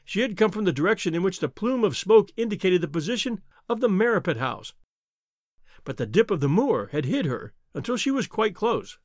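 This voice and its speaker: A man reading a classic novel aloud as an expressive first-person narrator. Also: sits high, fairly quick, no room sound, clean studio sound.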